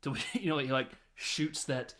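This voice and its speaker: A man hosting a podcast, recapping a movie in a loose, animated way, laughing and swearing as he tells the scenes. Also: a little high, a little slow. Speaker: podcast host. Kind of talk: casual film recap.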